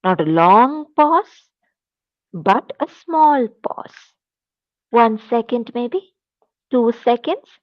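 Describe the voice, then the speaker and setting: A woman teacher with an Indian English accent, giving a classroom lecture in a slow, deliberate, emphatic way. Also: on the high side, sing-song, no room sound, dull audio.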